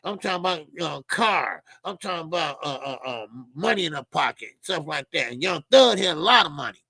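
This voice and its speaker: A man's voice: a little high, lively intonation, fairly quick, vocal fry, sharp tone, no echo. A middle-aged man hosting a boxing talk channel, ranting casually and profanely, often mimicking people in a mocking voice. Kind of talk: casual commentary monologue.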